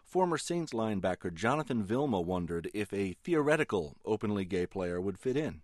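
A man delivering a radio news report in a measured, clear way. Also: fairly low pitch, sing-song, a little mellow, no room sound, clean studio sound.

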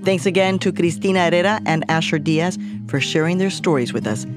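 A woman hosting a radio show, reading scripted links in a lively way with Spanish phrases mixed in. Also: on the low side, brisk, over music.

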